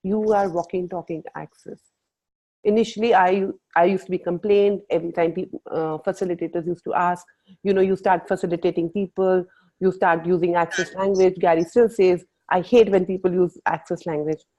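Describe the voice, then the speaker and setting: Woman facilitator, mellow tone, playful group coaching, mixes Hindi in. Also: fairly low pitch, a little fast, dull audio. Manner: lively, playful, asks the group questions, mixes in Hindi phrases. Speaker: workshop facilitator. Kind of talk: live coaching talk on a video call.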